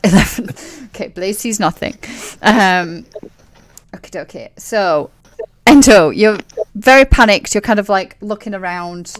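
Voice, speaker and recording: A woman's voice: mid-range voice, unhurried. A woman narrating as game master of a tabletop game, chatty and playful, with lots of fillers and laughs.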